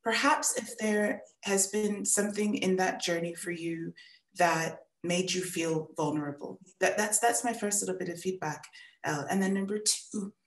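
A woman teaching a storytelling workshop, giving gentle, encouraging feedback and often repeating her words. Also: lowish voice, normal speed, roomy sound. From born in England, raised in the United States.

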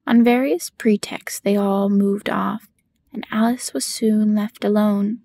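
A woman reads a bedtime storybook in a hushed, unhurried whisper. Her voice is gravelly and breathy at middle pitch. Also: steady tone. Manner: soft and unhurried. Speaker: audiobook narrator. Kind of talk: whispered bedtime audiobook reading.

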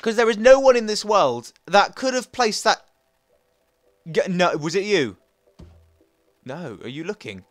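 A man hosting a casual let's play, chatting excitedly to his viewers and his pets. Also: high voice, a little slow, pauses often, dry recording, faint music behind. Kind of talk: casual game commentary.

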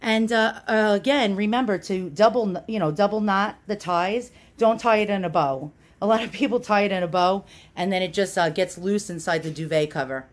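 A woman's voice: mid-range voice, normal speed, few pauses. Chatty woman filming on a handheld phone. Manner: chatty, self-deprecating, many fillers. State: out of breath at times. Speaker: YouTube channel host. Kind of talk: casual how-to demonstration.

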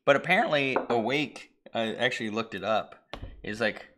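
A man co-hosting a casual talk stream, rambling through a film's plot and acting out its lines with sudden shouts and whispers. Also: mid-range voice, normal speed, background noise. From Irish heritage (family, not place). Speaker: podcast co-host. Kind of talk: casual chat retelling a movie.

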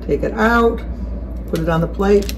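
A woman's voice: mid-range voice, measured pace, noisy background. A woman hosting a casual home cooking video, chatty and correcting herself mid-sentence as she explains each step in her kitchen. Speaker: cooking channel host.

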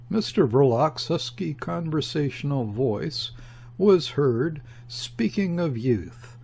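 A male audiobook narrator reads a classic novel in a measured, deliberate way. His pace is very slow and his voice has a husky texture. His pitch sits at an ordinary middle level. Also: lively intonation, a little mellow. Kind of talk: scripted narration.

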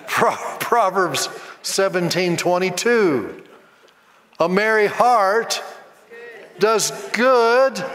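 High-voiced man preaching in a reverberant hall. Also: fairly bright tone. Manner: leads the congregation in call-and-response and rhythmic mock laughter; emphatic preaching, repeats phrases. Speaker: Bible college teacher preaching. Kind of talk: sermon. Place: large church hall before a congregation. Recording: long reverb of a large hall.

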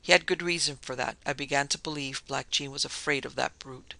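A man narrating a spooky tale in a measured storytelling manner. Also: mid-range voice, steady tone, creaky, sharp tone, no echo, low-quality recording. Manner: storytelling, measured, dramatic dips.

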